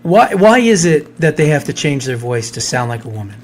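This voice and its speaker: A man's voice: on the high side, sing-song, fairly quick. A man co-hosting a live radio talk show, telling a story in a blunt, casual way. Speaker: co-host.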